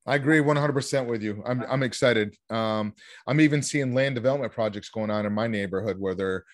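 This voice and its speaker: A man taking part as an investor guest in a casual interview over a video call, upbeat and chatty and quick to agree. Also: mid-range voice, no echo, studio quality. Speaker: real estate investor guest.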